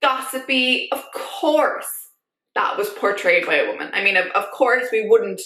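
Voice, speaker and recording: A woman vlogger talking in a casual, animated way, full of fillers as she shares her opinions. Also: medium pitch, moderate pace. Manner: chatty, animated, many fillers like "like". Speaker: YouTube vlogger. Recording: echoey room.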